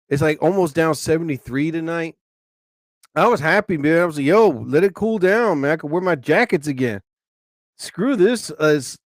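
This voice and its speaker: Excitable man ranting on a live stream. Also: fairly high pitch, dry recording, studio quality. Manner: excitable, swears, quick frustrated outbursts. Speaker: live show host. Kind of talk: casual rambling live stream.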